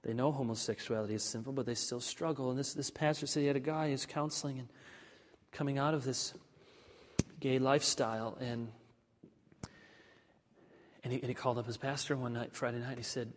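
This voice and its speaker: A male pastor preaching a sermon, moving from ringing, emphatic declarations to hushed, confiding asides. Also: mid-range voice, fairly even intonation, brisk, long pauses. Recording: long reverb of a large hall.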